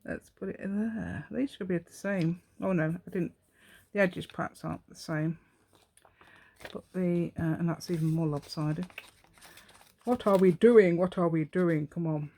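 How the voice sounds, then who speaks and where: A craft channel host chats and rambles through a casual tutorial, thinking out loud and talking to herself as she works. Her voice is fairly low and dark with some creak, and she keeps a steady tone at a normal speed.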